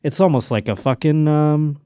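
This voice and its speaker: A man's voice: on the high side, normal speed, mellow, clear, resonant tone, dry recording, studio quality. A man hosting a comedy podcast, telling rambling stories and riffing on the news in casual chat. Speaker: podcast host.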